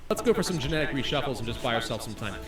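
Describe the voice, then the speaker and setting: A man playing a game on video, excitedly reading its story text aloud and reacting with laughs. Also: mid-range voice, racing, reverberant, far from the mic, over music. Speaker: gaming YouTuber.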